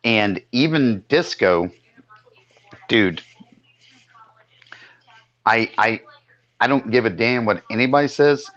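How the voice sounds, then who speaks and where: A man hosting a podcast, giving slow, opinionated views with casual swearing. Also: mid-range voice, a bit bright, muffled recording. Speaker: podcast host.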